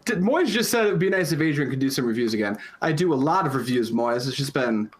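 Male podcast co-host, rapid casual talk, dry humor, mid-pitched voice. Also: animated.

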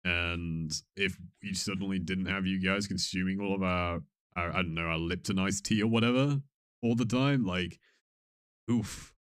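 Deep-voiced, measured podcast co-host man. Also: fairly even intonation, a bit bright, clear, resonant tone, no echo, studio quality. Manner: measured, thoughtful, hesitant fillers. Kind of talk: casual podcast chat.

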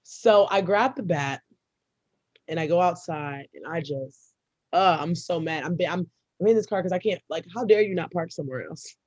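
A young woman, a podcast co-host, telling a personal story in casual, profane chat and breaking into loud, laughing outbursts. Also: on the low side, moderate pace, husky, no echo, dull audio.

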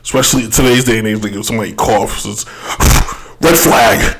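A man giving casual solo commentary as a podcast host, rambling and correcting himself, with a throaty voice and frequent throat clearing. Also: lowish voice, fairly even intonation, moderate pace, noisy background. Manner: rambling, self-correcting, laughs often.

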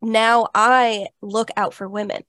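A woman's voice: fairly high pitch, flat delivery, takes it slowly, a bit bright, no room sound, clean studio sound. A young adult woman hosting a podcast, telling a personal story in a casual, chatty way with lots of "like" fillers. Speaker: podcast host. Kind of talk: casual conversational interview.

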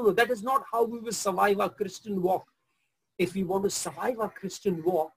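A man's voice: sits high, slightly rough, low-quality recording. A man preaching a sermon energetically and emphatically, often calling out hallelujah and acting out biblical dialogue. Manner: acts out biblical dialogue with laughs. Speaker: pastor.

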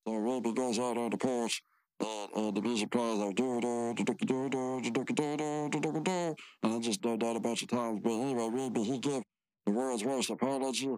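A man's voice: mid-range voice, darkish tone. A man co-hosting a podcast, recapping a cartoon in rambling, filler-heavy casual chat. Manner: rambling, repetitive, lots of fillers. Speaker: podcast co-host.

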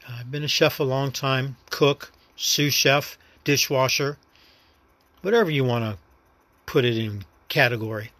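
A man's voice: mid-range voice, a little slow, a bit bright, no room sound. A man from New York City with a New York accent, hosting his own podcast in a rambling, reflective, understated personal monologue. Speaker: podcast host.

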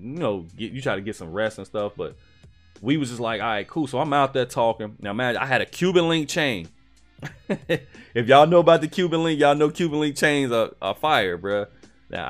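Slangy young man telling a story. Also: fairly low pitch. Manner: slangy, animated, lots of fillers. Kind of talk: casual personal storytelling.

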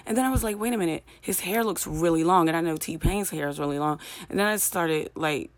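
A woman's voice: low voice, a little fast. A young woman hosting a solo podcast late at night, tired and rambling, often trailing off and restarting. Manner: tired, rambling, self-interrupting. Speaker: podcast host.

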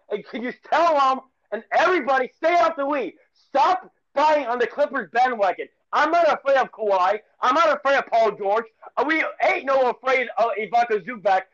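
High-pitched male sports podcast co-host, excitable rambler, dull lo-fi recording. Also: moderate pace. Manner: excitable rambling rant with repeated phrases. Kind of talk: casual sports chat.

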